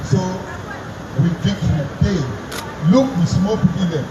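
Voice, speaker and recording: A man's voice: high voice, expressive, measured pace, long pauses, echoey room, dull audio, background noise. Far-off man calling out to a rally crowd. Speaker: rally speaker.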